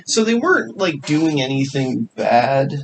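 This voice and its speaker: A man's voice: medium pitch, big pitch swings, measured pace, creaky, slight background noise, poor audio. A man co-hosting a casual podcast, telling rambling stories with lots of swearing and filler. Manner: rambling, profane, storytelling. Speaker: podcast co-host. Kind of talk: casual chat.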